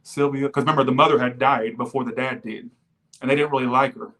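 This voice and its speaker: A man talks through a tarot reading on a casual livestream, his voice sitting at an ordinary middle pitch. He rambles and swears freely, slipping into tangents. Now and then he pauses to thank viewers for their donations. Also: fairly even intonation, pushed and bright. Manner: rambling, profane, goes off on tangents. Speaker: tarot reader.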